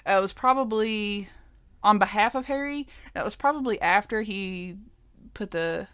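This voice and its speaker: A woman's voice: mid-range voice, normal speed, a bit bright, clean tone, dry recording, clean studio sound. A young woman co-hosting a podcast, reading trivia questions and teasing her friend, laughing often. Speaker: podcast co-host, quizmaster. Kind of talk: casual chat over a trivia board game.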